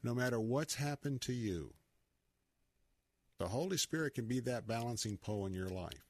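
A man's voice: fairly high pitch, animated, moderate pace, a little mellow, dry recording, clean studio sound. A man with a Southern accent hosting a Christian talk radio show, speaking in a folksy, preachy, conversational way.

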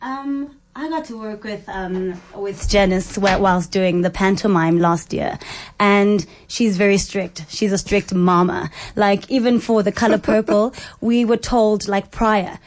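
A stage actress answers an interviewer in an eager, searching way, breaking up her thoughts with pauses and restarts. Her voice sits at a middle pitch and often speeds up when she gets excited. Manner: eager, many ums and restarts.

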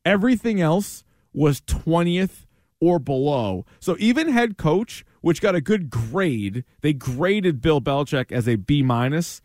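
Animated New sports-talk guy. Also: on the high side, unhurried, no room sound, clean studio sound. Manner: animated, laughs often, acts out players' reactions. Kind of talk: casual sports radio chat.

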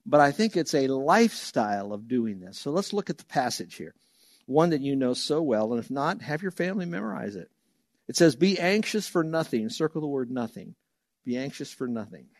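A man preaching a sermon as a pastor, telling stories with lively acted-out voices. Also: medium pitch, brisk, no room sound. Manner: animated storytelling, acts out voices loudly.

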